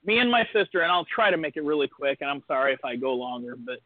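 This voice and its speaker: A man with a fairly high voice chats casually as a podcast co-host. He rambles through a story and puts on the voices of its people. The sound is dry and thin, as if over a phone line. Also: lively intonation, quick pace, no echo. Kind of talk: casual chat.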